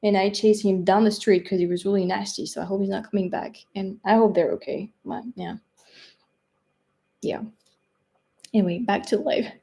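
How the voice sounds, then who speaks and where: Young French-accented woman, casual livestream host, rambling and chatty, mid-pitched. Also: steady tone, moderate pace, vocal fry, pauses often, mellow. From France. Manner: chatty, rambling, frequent fillers and laughs. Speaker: livestream host reading viewer chat. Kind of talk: casual live-stream chat.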